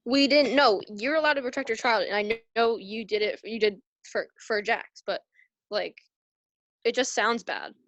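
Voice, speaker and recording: A woman's voice: on the high side, moderate pace, a bit bright, dry recording, dull audio. Hesitant young woman, dry close sound. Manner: hesitant, many fillers. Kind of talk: casual chat. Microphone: video call.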